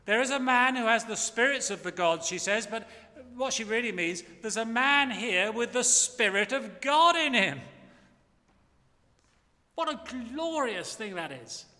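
Older preacher getting fired up, sharp bright voice, long echo from the church hall. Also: male voice, very high-pitched, animated, unhurried. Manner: emphatic, impassioned preaching. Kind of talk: sermon.

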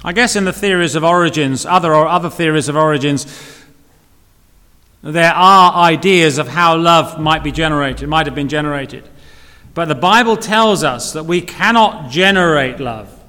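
A man's voice: on the high side, normal speed, sharp tone. Man, preacher, sermon, rhetorical questions, echoing church hall. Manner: earnest, repeats phrases, asks rhetorical questions. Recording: long reverb of a hall.

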